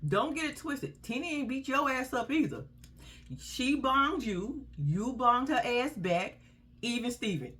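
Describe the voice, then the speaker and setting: A woman's voice: on the high side, lively intonation, normal speed, bright, forceful tone, a little hiss or hum. A woman giving casual, blunt, profane commentary on a reality show, laughing often as she tells the story. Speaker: reality TV recap host.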